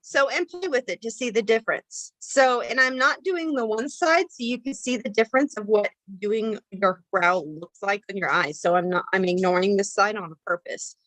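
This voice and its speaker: A woman's voice: medium pitch, normal speed, hardly any pauses, fairly bright tone, dry recording, low-quality recording. A woman hosting a casual makeup demonstration, talking in a chatty, rambling way with many fillers and restarts. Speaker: makeup tutorial host.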